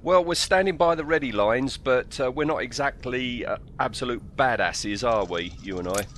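Co-host: English man, wry and chatty, bright lively voice, faint hiss behind. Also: medium pitch, moderate pace. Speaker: podcast co-host. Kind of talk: casual chat.

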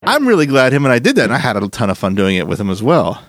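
Male podcast co-host, gravelly, lively delivery, dry studio sound. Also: mid-range voice, very fast, no room sound. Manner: animated, rambling with frequent restarts. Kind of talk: casual chat.

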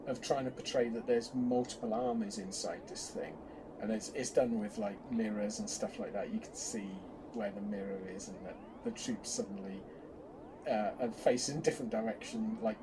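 A man's voice: lowish voice, moderate pace, background noise. A man co-hosting a casual fan chat, talking in bursts with lots of restarts. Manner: chatty, hesitant restarts, animated bursts. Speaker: podcast co-host.

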